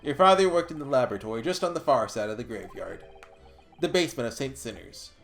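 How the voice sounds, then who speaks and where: A player putting on a gruff Scottish prison governor. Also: lively intonation, faint music behind. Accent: attempted Scottish. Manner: slow, low, halting put-on brogue. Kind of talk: reading game dialogue aloud.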